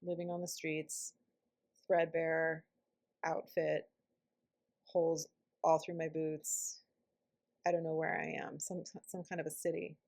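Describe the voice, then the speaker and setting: A woman's voice: low voice, little pitch movement, slow, creaky, pauses often, darkish tone. A woman guiding a self-help tapping session, speaking reflectively and dropping to a whisper on some phrases. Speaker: EFT tapping practitioner.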